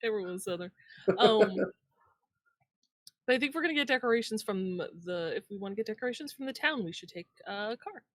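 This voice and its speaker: A woman's voice: medium pitch, animated, fairly quick, dry recording. A woman playing a tabletop game, chatting casually and joking at her own expense. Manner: chatty, self-deprecating, laughs at herself. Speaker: player. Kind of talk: casual tabletop role-play chat.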